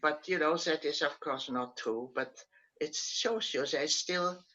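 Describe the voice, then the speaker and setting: Old lady in her 90s on a zoom call, bright voice, slightly dull sound, tells stories with restarts and ums. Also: sits low. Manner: unhurried storytelling with frequent um and restarts. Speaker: Holocaust survivor giving testimony. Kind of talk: spoken testimony over video call. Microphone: video call. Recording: muffled video-call audio.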